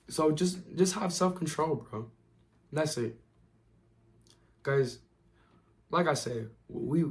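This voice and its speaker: A young man giving an earnest, repetitive motivational talk to camera in casual slang, his voice worn and going hoarse. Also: on the high side. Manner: earnest, repetitive, slangy, calls listeners bro. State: losing his voice. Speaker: motivational vlogger.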